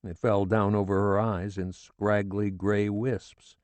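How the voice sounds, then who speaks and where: A man's voice: on the low side, flat delivery, slow, a little mellow, smooth, no echo. A man narrating a novel in the first person, with a sardonic, coarse-edged delivery. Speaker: audiobook narrator. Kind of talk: scripted literary narration.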